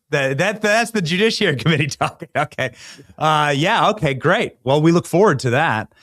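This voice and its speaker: A man hosting an interview show, chatty and quick to laugh. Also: a little high, animated, a bit bright, no echo, studio quality. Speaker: show host. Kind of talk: casual interview talk.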